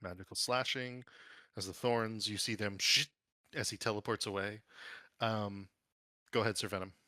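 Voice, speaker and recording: A man's voice: fairly low pitch, fairly even intonation, normal speed, sharp tone, no echo, clean studio sound. A man narrating a tabletop game as game master, describing the action in detail.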